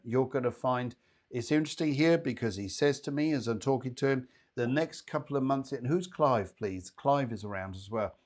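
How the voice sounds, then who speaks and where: A man's voice: mid-range voice, normal speed, darkish tone. A man hosting a live psychic show, giving readings in a chatty, rambling way with playful asides.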